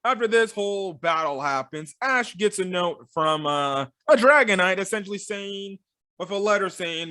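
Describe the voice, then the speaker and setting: A man's voice: high-pitched, expressive, moderate pace, pushed and bright, clear, resonant tone, no room sound, studio quality. A man giving a casual, rambling film review, full of fillers and sarcastic asides.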